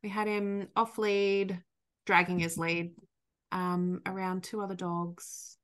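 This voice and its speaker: An Australian woman, a dog trainer co-hosting a podcast, chatting casually and telling animated stories. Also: lowish voice, takes it slowly. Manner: animated storytelling, frequent laughter, loose swearing. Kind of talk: casual chat.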